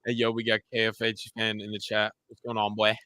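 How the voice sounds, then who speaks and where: A man's voice: lowish voice, monotone, a little fast, sharp tone, dry recording. A young man co-hosting a live football watch-along, full of casual jokes, teasing and blunt opinions. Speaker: co-host of a match watch-along. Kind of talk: casual sports banter.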